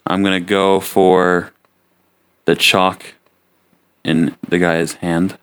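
A man with a very low, smooth and resonant voice plays a tabletop game. He checks the rules as he goes and asks plenty of questions before he acts. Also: little pitch movement, takes it slowly, fairly bright tone. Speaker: player.

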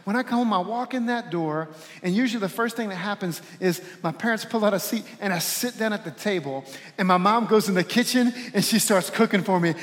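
A man's voice: high voice, a little fast. A man pastor preaching a sermon to his congregation, calling out to the crowd with a preacherly manner. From Louisiana. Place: church sanctuary. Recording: reverberant church hall.

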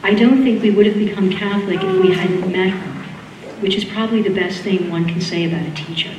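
A woman's voice: medium pitch, expressive, fairly quick. A woman with a Boston accent introducing lecture speakers at a school event, talking loosely with many fillers. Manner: warm rambling with fillers and laughs. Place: lecture hall. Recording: echoey hall, distant mic, faint room noise.

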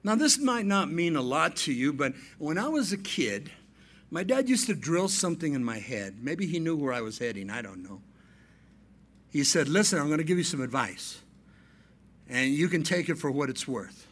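High-voiced preacher telling family stories. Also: male voice, very animated, normal speed. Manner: storytelling preacher, swings between soft asides and emphatic raised points. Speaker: pastor. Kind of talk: sermon.

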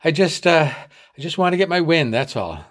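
A man's voice: a little high, very animated, normal speed, pitched above the performer's own voice. A man reading the part of a young boy, out of breath and trying to sound brave. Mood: winded. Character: tired young boy on snowshoes, gallant.

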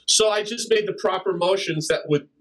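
Older man guest, slightly high voice, rambling storyteller who scats drum rhythms. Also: normal speed, a bit bright, low-quality recording. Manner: rambling anecdotes with scat-sung drum rhythms and laughs. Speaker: interview guest, drummer. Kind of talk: casual storytelling.

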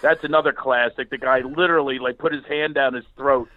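A man's voice: medium pitch, brisk, narrow, tinny audio, crowd noise. A middle-aged man from Philadelphia, a comedian telling funny stories in a chat and acting out the voices in them. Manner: animated, laughs often, acts out voices in his stories. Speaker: comedian guest.

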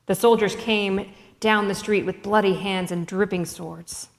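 A woman narrates a story in a measured, expressive reading. Her pitch sits in the middle. A long hall reverb trails each line. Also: gravelly.

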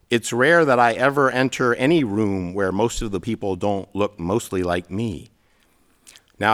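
A middle-aged pastor preaching a sermon, telling stories with self-deprecating humor. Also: male voice, fairly low pitch.

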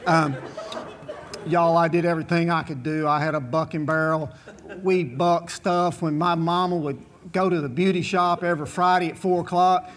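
A man telling a comic story to a live audience in a folksy, animated way, full of asides. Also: a little high, normal speed.

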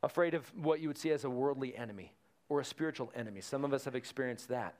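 A man's voice: mid-range voice, fast talker, a little mellow. A man preaching a sermon in a conversational way, retelling Bible stories with energy. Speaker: pastor.

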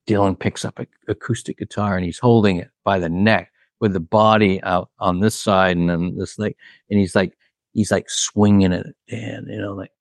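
A man's voice: low voice, dry recording. A man, a record producer, telling studio stories in a rambling, casual way, full of "like" and "you know", laughing at his own anecdotes. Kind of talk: casual storytelling.

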